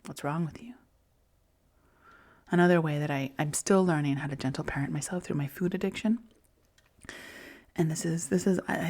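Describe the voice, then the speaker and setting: A woman in her forties hosting a reflective self-help podcast, talking softly and often in a whisper, soothing herself. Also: fairly low pitch. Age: 40s. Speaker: podcast host.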